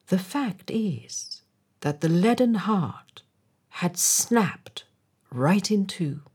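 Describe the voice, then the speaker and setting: A woman reading a fairy tale aloud, expressive, often dropping to a whisper. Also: lowish voice, husky. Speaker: narrator. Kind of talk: storybook read-aloud.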